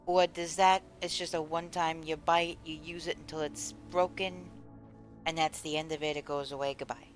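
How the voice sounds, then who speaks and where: Woman streamer from the US, lower voice, rambling casual chat over faint game music. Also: little pitch movement, moderate pace. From United States. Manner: rambling, chatty, answers chat aloud. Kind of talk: casual chat while gaming.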